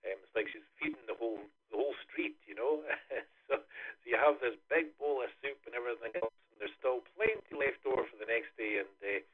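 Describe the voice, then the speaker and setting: A man's voice: mid-range voice, brisk, breathy edge. A Scottish man hosting a ham radio net, chatting in a rambling way with many fillers. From Scotland. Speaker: net host. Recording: tinny radio link.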